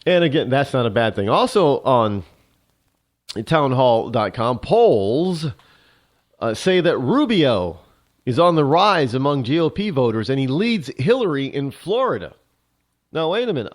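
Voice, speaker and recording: Rambling man with a lively voice. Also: mid-range voice. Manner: rambling, halting with many restarts. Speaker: talk show host. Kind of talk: political commentary monologue.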